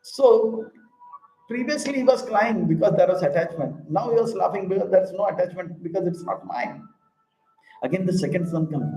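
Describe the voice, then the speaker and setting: A man's voice: high voice, normal speed. Male spiritual teacher, echoey room. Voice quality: animated storyteller who acts out characters. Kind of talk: scripture discourse with stories. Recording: echoey room with faint ambience.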